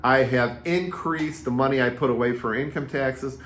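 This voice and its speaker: A man in his fifties coaches real estate agents in a casual, energetic way, leaning on repetition and anecdotes. His voice sits at an ordinary middle pitch. The room around him gives it a noticeable echo. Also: moderate pace, a little hiss or hum. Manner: energetic, chatty storyteller with repetitive phrasing. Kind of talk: casual coaching talk to camera. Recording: roomy echo.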